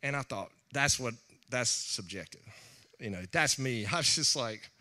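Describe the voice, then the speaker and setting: A man's voice: medium pitch, animated, normal speed, pushed and bright. A man, preaching a sermon in a storytelling manner, acting out voices and laughing often. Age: 40s.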